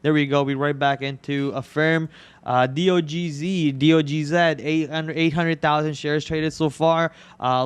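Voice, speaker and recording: Speaking in a high-leaning, clean voice on a dry recording, a young Indian-born day trader hosts his live stream. He rattles off ticker symbols and prices quickly and casually, using filler words along the way.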